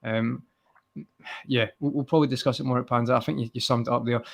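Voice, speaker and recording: Brief: male co-host, gravelly fry-heavy voice, hesitant easygoing chat. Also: medium pitch, fairly even intonation, fast talker. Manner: hesitant, repeats words and restarts. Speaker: live stream co-host. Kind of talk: casual live stream chat.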